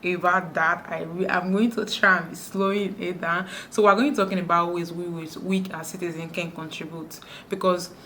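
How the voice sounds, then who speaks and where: A woman from Nigeria talking fast to camera in a sit-down vlog, with frequent restarts. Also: fairly low pitch, flat delivery, pushed and bright, slight background noise. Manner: talks fast, many restarts. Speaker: YouTuber. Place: indoors, sit-down video.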